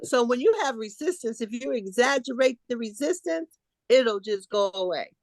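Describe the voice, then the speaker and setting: A woman leads a group coaching call over video, her voice a little high and very animated. She acts out little inner voices as she explains. The sound is dry and close. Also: moderate pace, no echo.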